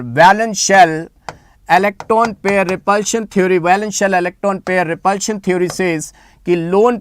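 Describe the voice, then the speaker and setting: Slow, animated chemistry teacher. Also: male voice, sits high, a little hiss or hum. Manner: animated, repeats phrases, coaxes students to answer in chat. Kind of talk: live online exam-prep class.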